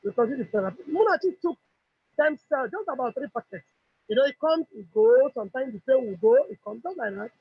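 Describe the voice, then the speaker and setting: Husky-voiced Nigerian woman giving testimony. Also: high-pitched, fast talker, no echo. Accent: Nigerian English. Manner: animated storyteller who acts out dialogue. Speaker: customer giving a product testimony. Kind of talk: emotional personal testimony. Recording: dull lo-fi recording.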